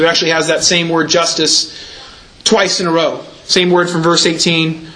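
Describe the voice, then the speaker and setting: A man's voice: a little high, level tone, moderate pace, pushed and bright, poor audio. A man preaching a sermon in a church, explaining scripture carefully and leaning hard on repeated words for emphasis. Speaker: pastor.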